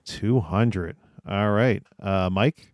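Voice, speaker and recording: A man's voice: on the low side, extremely slow, a little mellow, no room sound, studio quality. A man hosting a casual podcast chat, quizzing his co-hosts and moving the game along. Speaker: podcast host running a guessing game.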